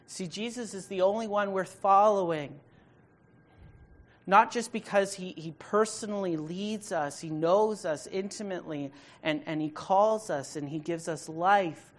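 A woman preaching a sermon, reading scripture and then explaining it, stressing key words and dropping from loud emphasis to hushed tones. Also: medium pitch, a little slow.

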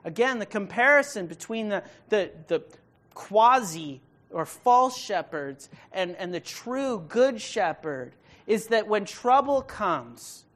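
A woman preaching a sermon, reading scripture and then explaining it, stressing key words and dropping from loud emphasis to hushed tones. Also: medium pitch, expressive, takes it slowly.

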